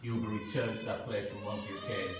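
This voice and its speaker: A man voicing a stern old male judge, delivering a death sentence slowly and solemnly. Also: lowish voice, level tone, heavy reverb, far from the mic, over music, pitched below the performer's own voice, natural voice, low-quality recording. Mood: grave.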